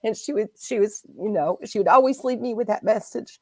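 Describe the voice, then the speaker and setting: A woman hosting a casual spiritual chat, speaking in a gentle, reflective and heartfelt way. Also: mid-range voice, brisk, no room sound. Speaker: host.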